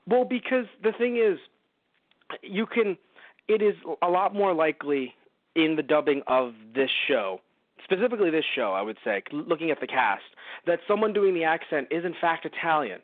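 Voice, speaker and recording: Male podcast co-host, casual rambling reviewer who swears freely; slightly high voice, dry, phone-narrow audio. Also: moderate pace, no echo. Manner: rambling, swears a lot, animated.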